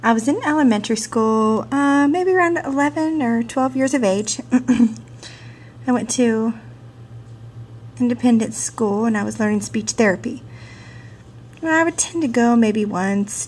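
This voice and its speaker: A woman who teaches sign language and theater, telling a personal story in a lively, chatty way full of "you know", recorded on a camcorder mic. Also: on the high side, unhurried, a little hiss or hum. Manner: animated, chatty, laughs often, many "you know" fillers. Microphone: handheld camcorder mic.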